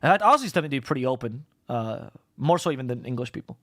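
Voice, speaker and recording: A man, an esports caster, chatting on a panel and telling stories in a fast, animated way. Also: medium pitch, no room sound. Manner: fast, animated storytelling, swears and laughs often. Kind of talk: casual panel chat.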